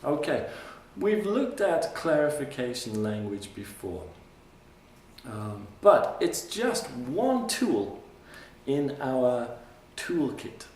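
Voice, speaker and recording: A male English teacher giving a classroom lesson, patiently repeating phrases slowly for his learners. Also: mid-range voice, big pitch swings, a little hiss or hum. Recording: roomy classroom sound from a distant mic.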